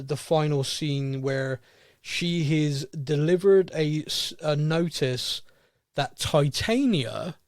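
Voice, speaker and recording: Halting man, slightly high voice. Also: no echo, clean studio sound. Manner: hesitant, restarts words often. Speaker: podcast co-host. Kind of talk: casual chat.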